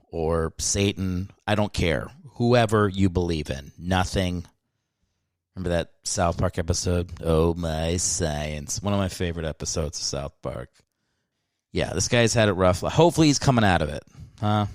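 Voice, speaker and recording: Man, comedy podcast host, low voice, profane rambling rant, dry close sound. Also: no echo. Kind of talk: solo comedy podcast monologue.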